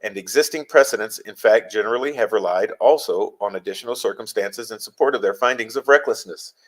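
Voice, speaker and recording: A man acting as a legal commentator, reading legal passages aloud and explaining them deliberately, stressing key phrases. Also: lowish voice, low-quality recording.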